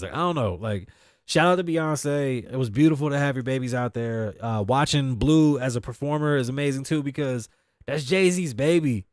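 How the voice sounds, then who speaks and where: A man's voice: mid-range voice, no room sound, clean studio sound. A man hosting a talk show, delivering a loose, joking monologue full of profanity and asides. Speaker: host. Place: studio.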